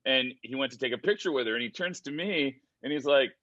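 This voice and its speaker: A man hosting a podcast, telling anecdotes in quick, animated bursts. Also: mid-range voice, dry recording, muffled recording. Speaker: podcast host. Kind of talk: casual chat.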